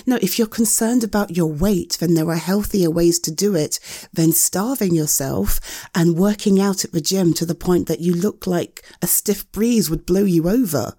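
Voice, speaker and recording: A young woman in a one-sided audio role-play as a caring partner, gentle and soothing with hesitant pauses, close to the mic. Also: fairly low pitch, dry recording.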